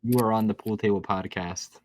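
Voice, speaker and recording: Excitable American podcast host, low voice. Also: male voice, brisk, no room sound. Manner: excitable, laughs easily, teasing questions. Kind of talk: casual chat.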